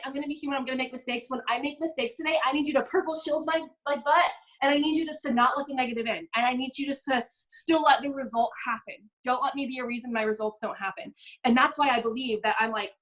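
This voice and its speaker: A young woman coaching a live online group, telling stories in an animated way and acting out the people she quotes. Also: high-pitched, rough recording. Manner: fast, bubbly, animated storytelling with quoted voices. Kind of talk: live business coaching session.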